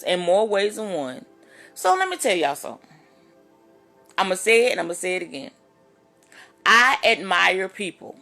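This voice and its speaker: A woman minister talking straight to her viewers in a casual, animated, preachy vlog monologue. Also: mid-range voice.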